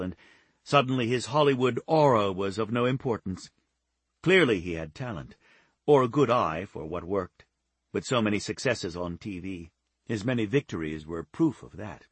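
A male audiobook narrator reads a novel in a calm, even storytelling voice. His tone is low and husky, recorded close on a dry, dead studio mic. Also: no echo. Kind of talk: scripted narration.

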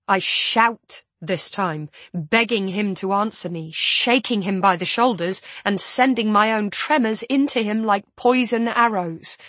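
A woman narrating a first-person novel in a measured, intimate storytelling manner. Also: a little high, no echo. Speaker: audiobook narrator.

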